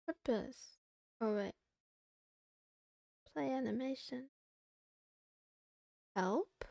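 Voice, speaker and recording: A young woman livestreams from her desk and talks playfully with her chat as she codes. Her voice sits a little high with a gravelly fry, and she speaks slowly. The sound is close and dry. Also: lively intonation, no echo. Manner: playful, talks to chat while working, giggly. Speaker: VTuber streamer. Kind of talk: casual coding livestream chat.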